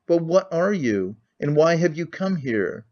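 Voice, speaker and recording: A man's voice: fairly high pitch, very animated, a little slow, darkish tone, voice pushed up. A man voicing a brooding young man who asks terse, accusing questions, on a muffled lo-fi recording.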